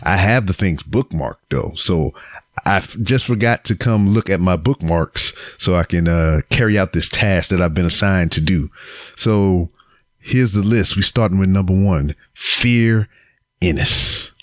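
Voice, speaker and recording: Very deep-voiced man roasting on a podcast. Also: a little slow, no echo, clean studio sound. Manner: profane, joking roast delivered to camera. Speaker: podcast host. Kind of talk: casual solo podcast segment. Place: home recording setup on camera. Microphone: camera with mic.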